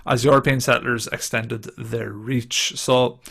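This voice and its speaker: Host: English man, very gravelly voice, flat delivery, casual podcast chat. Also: medium pitch, measured pace. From England. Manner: chatty, laughs easily, reads notes aloud.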